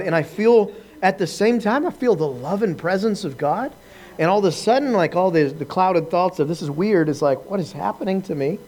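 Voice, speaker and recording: A man preaching a lively testimony, telling his story with laughs and acted-out quotes to a live audience. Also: sits high, moderate pace, some chatter behind. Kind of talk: sermon testimony.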